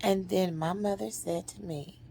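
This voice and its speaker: A middle-aged woman telling an emotional personal story in a slow, dramatic way, sometimes dropping to a hush. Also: medium pitch, fairly even intonation, vocal fry, a little hiss or hum. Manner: slow, dramatic, drops to a hushed near-whisper at emotional points.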